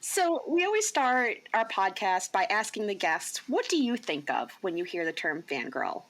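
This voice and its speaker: A woman's voice: medium pitch, sing-song, moderate pace, a bit bright. A woman hosting a podcast, opening with a scripted introduction and putting friendly questions to her guest. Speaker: podcast host. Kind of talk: interview hosting.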